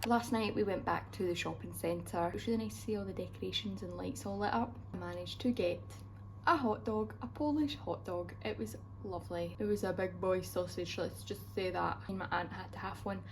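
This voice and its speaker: A young Scottish woman talking straight to camera in a relaxed travel vlog. Her delivery is chatty and upbeat, sprinkled with casual fillers, at a mid pitch. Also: brisk, slight background noise, poor audio. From Scotland. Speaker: travel vlogger.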